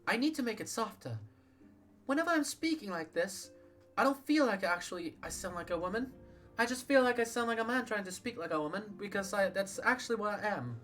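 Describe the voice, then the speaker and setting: A man's voice: sits high, sing-song, a little fast, a bit bright, soft background music. A man talking casually while streaming a game, with chatty, self-deprecating asides.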